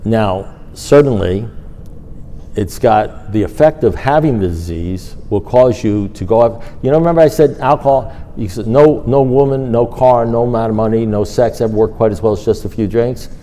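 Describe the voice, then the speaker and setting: A middle-aged man shares a meandering personal story at a recovery meeting, speaking at a moderate pace in a medium pitch. He's animated throughout and performs the conversations he describes.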